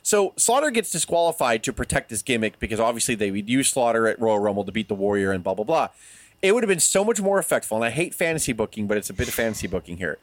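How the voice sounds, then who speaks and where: A man's voice: medium pitch, big pitch swings, quick pace, dry recording. A man in his forties co-hosting a casual wrestling review podcast, talking in a profane, opinionated way. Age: 40s. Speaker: podcast co-host.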